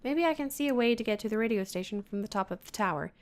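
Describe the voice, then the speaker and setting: A woman's voice: on the high side, expressive, quick pace. Woman muttering through a game. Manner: muttering to herself, reading game text aloud. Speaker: let's-play gamer. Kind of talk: casual gameplay commentary.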